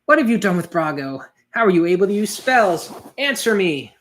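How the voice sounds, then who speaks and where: A reader putting on a determined mother shielding her children, her voice firm and commanding. She talks with urgency and steady resolve, as in a manga read-through. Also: medium pitch, brisk, lightly acted. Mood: demanding.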